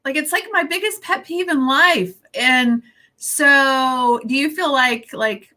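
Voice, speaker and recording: A woman's voice: high voice, slow, pushed and bright. A woman hosting a podcast in casual interview conversation, reassuring and asking pointed questions. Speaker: podcast host.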